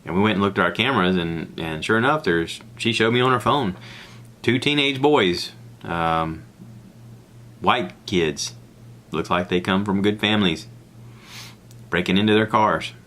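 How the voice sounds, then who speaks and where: Southern man, podcast host, casual solo storyteller; lowish but bright and forward tone, rambling and animated. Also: unhurried, long pauses. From American South. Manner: rambling, animated, acts out others' lines in a high voice.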